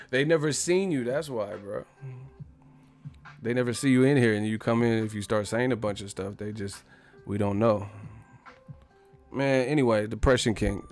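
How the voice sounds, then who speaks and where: A man's voice: fairly low pitch, normal speed, long pauses, a little mellow, soft background music. Laid-back slangy male streamer. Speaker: livestream host. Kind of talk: casual chat.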